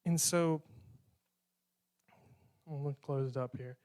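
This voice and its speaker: A man's voice: medium pitch, steady tone, takes it slowly, a little mellow. A young man preaching a sermon in a conversational way, acting out prayers and bits of dialogue.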